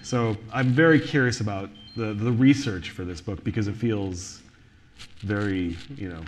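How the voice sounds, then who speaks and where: A man's voice: on the low side, normal speed. Moderator at a live book event: a man, casual and talky, with faint room noise behind him. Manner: casual, chatty, many "like" fillers. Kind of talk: live onstage interview. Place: live event venue with audience.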